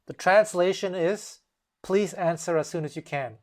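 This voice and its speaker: This is a host giving a relaxed spoken lesson, walking through examples one at a time. The voice sits in a middle pitch. Now and then it slips into a different tone to act out a phrase. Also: unhurried. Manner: explains step by step and acts out example phrases in shifting tones. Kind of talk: casual explanatory lesson.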